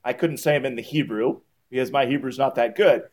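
A man preaching a sermon to his congregation, emphatic and rising in pitch when he quotes scripture and blessings. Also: a little fast, darkish tone. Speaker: pastor. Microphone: PowerPoint on screen, speaking at a church lectern.

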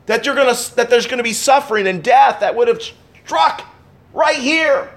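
A middle-aged man preaching a sermon as pastor, emphatic, repeating key words and swinging between loud stresses and quiet asides. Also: very high-pitched, fast.

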